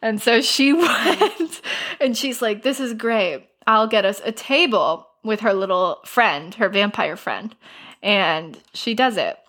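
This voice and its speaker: A woman's voice: medium pitch, lively intonation, slow, fairly bright tone. A woman in casual chat, animatedly retelling a story and acting out its characters' lines with laughs. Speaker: podcast co-host retelling a story.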